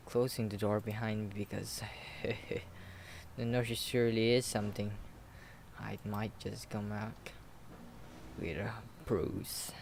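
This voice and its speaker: A man's voice: medium pitch, slight background noise. A man reading a visual novel aloud with running commentary, tripping over words and mocking himself. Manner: self-mocking, trips over words and laughs. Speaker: gaming YouTuber.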